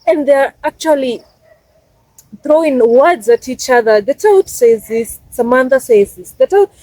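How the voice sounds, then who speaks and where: A woman's voice: sits high, animated, unhurried, dark tone, no echo, rough recording. A Kenyan woman in her twenties giving emphatic, casual life advice in a vlog, repeating her points for stress. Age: 20s. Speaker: vlogger.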